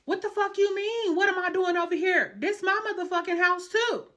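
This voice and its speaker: A woman voicing a furious, jealous young woman who yells and curses in a confrontation. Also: very high voice, normal speed, voice pushed up. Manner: screaming, profane confrontation.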